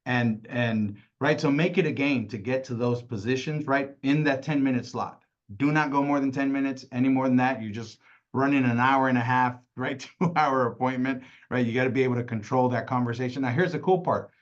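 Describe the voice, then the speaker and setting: A man coaches a sales team in a loose, animated way. He laughs easily and ends almost every point with "right?". The audio is a bit dull and lo-fi. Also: medium pitch, fairly quick. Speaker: sales trainer. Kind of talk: casual training talk.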